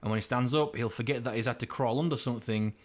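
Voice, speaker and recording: A young English man co-hosting a podcast, sweary and animated in loose, laughing banter. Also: medium pitch, fast talker. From England. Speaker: podcast co-host. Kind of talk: casual chat.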